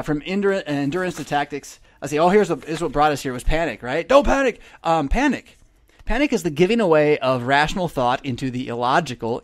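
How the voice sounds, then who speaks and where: A man hosting a casual monologue, rambling and preachy, with many fillers and restarts. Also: fairly high pitch. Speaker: host.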